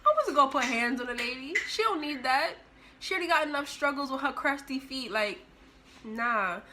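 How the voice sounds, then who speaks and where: A young woman telling a personal story in a casual, animated way, with sudden bursts of loudness. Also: sits high, fairly quick. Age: young adult. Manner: animated, expressive, with big jumps in loudness.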